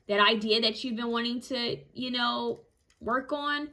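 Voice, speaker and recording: A woman giving a casual, encouraging tarot reading to her viewers, energetic and fond of repeating herself. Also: on the high side, moderate pace. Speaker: tarot reader. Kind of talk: casual intuitive card reading.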